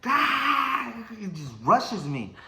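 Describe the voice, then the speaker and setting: A man's voice: mid-range voice, fairly quick, reverberant, heavy background noise. A young man telling a story in casual speech, swearing often and acting out sounds and what people said. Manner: swearing, animated, acts out sounds and quotes.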